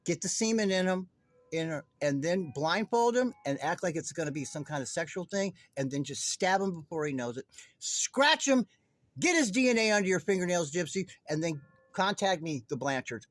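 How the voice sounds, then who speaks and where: High-voiced man ranting heatedly. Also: animated, moderate pace, soft background music. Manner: agitated, profane, rambling, addresses viewers directly. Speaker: online commentator. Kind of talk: heated true-crime monologue.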